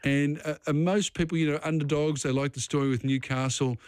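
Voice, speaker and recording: A man hosting a radio quiz, relaxed and chatty as he reads out questions. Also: a little high, fairly quick, no echo, clean studio sound. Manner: relaxed, chatty, loose with fillers.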